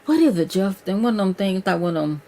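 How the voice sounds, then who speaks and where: A woman's voice: medium pitch, very animated, fast, warm tone, a little hiss or hum. A woman hosting her own livestream, chatting casually with viewers and calling them "y'all" and "child". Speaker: livestream host.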